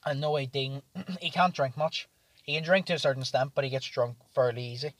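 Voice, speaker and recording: A man's voice: medium pitch, a little fast, fairly bright tone, no echo. A young man, hosting a podcast and rambling through sweary, laugh-filled stories about nights out with friends. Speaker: podcast host. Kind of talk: casual storytelling chat.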